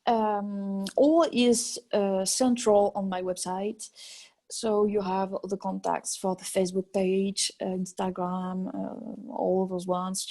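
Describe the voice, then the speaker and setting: French-accented woman, mellow and halting. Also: mid-range voice. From France. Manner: halting, searching for English words with many fillers. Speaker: harmonica player. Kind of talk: online interview. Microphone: video call.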